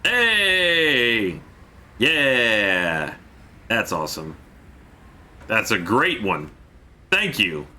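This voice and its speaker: Bright-voiced joking male streamer. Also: deep voice, very animated, slow, long pauses. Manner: joking, reads chat messages aloud. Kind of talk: casual gameplay commentary.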